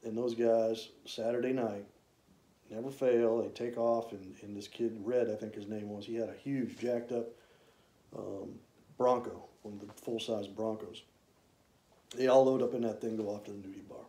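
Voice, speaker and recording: A man, casually telling rambling, folksy stories about his old hunting camps, with drawn-out "uh" fillers. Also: on the low side, steady tone, mellow. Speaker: hunter reminiscing. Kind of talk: casual storytelling. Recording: roomy echo.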